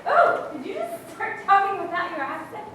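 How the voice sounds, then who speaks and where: A woman's voice: very high voice, sing-song, normal speed, sharp tone, a little hiss or hum, full character voice. A woman playing a sweet but scheming mother who is a secret spy, in an improv comedy scene, heard from far off in an echoey hall. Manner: sweet, fumbling, giggly.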